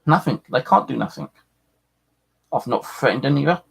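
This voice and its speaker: A man's voice: medium pitch, animated, brisk, creaky, husky. A man in an angry, sweary live-stream rant, repeating himself as he vents.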